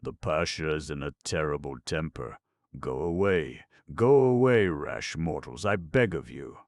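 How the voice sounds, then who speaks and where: A man's voice: a bass voice, expressive, a little slow, dry recording, studio quality, full character voice. A man voicing a frightened old palace servant who quavers and pleads.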